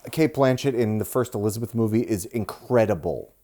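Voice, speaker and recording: A man's voice: lowish voice, a little fast, warm tone. A man in his thirties co-hosting a casual movie review podcast, joking and crude. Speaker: podcast co-host.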